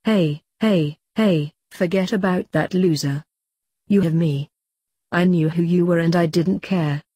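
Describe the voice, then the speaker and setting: Sassy teen witch girl read by a woman, quick and blunt, husky tone. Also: fairly low pitch, fairly even intonation, mellow, dry recording.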